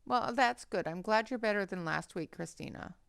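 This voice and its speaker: A woman's voice: medium pitch, normal speed, vocal fry, smooth, dry recording, studio quality. A woman hosting a colouring livestream on a headset mic, chatting casually and greeting viewers by name as she works.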